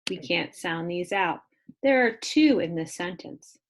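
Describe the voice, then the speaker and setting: Young female kindergarten teacher, video phonics lesson, slow, exaggerated letter sounds. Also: on the low side, expressive.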